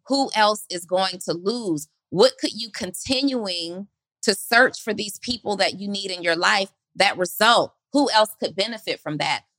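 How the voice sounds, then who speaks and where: A bright, forceful woman's voice, a little low for a woman, delivers an earnest motivational talk on a podcast. She builds with one rhetorical question after another. The sound is dry and close. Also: dry recording.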